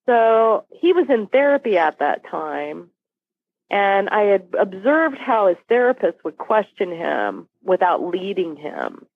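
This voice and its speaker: A woman's voice: mid-range voice, very animated, slow pace, creaky, no room sound. A woman guest retelling a personal story vividly, acting out what people said. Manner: vivid retelling, acts out dialogue. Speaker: podcast guest. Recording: phone-like dry line.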